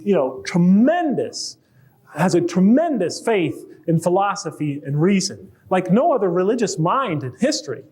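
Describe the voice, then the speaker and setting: High-voiced man giving a chatty lecture. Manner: conversational, jokes with the audience, rising to animated emphasis. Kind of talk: public lecture.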